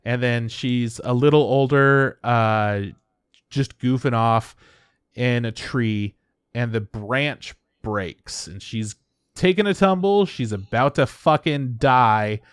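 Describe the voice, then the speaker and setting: A man's voice: mid-range voice, clear, resonant tone, no room sound, studio quality. A young man hosting a podcast, casually retelling an anime plot, swearing freely and briefly acting out the characters. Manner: loose, swearing, acts out characters in quick voices. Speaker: podcast host. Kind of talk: casual chat recapping an anime.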